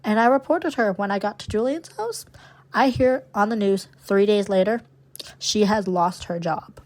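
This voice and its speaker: A young woman co-hosting a casual podcast. She tells a wild story with animated outrage and plenty of swearing. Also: medium pitch, moderate pace. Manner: animated, profane, dramatic storyteller. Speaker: podcast co-host.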